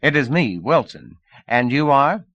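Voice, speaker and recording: A man's voice: mid-range voice, very animated, measured pace, a bit bright, muffled recording, pitched above the performer's own voice. A man voicing a terse male caller who talks in an urgent, clipped way.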